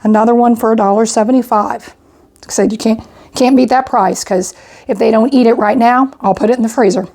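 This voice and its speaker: A woman's voice: fairly high pitch, steady tone, a little fast, mellow. An older woman casually going through her grocery haul item by item, chatty and a little out of breath. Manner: chatty, itemizing purchases with frequent "I got" and "went ahead". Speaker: homestead vlogger.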